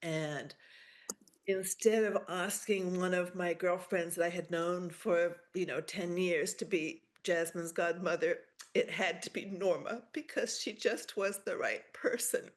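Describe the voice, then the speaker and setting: A middle-aged woman giving a heartfelt personal remembrance over a video call, halting and pausing often. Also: on the low side, steady tone. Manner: halting, with many pauses and fillers. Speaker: memorial speaker.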